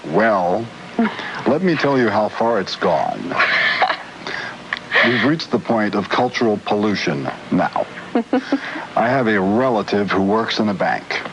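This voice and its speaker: A man with a fairly low voice who answers with dry, wry understatement. The sound is dull, like an old broadcast, with a faint hiss underneath. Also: animated, takes it slowly, long pauses, fairly bright tone. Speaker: musician guest. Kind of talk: morning TV interview.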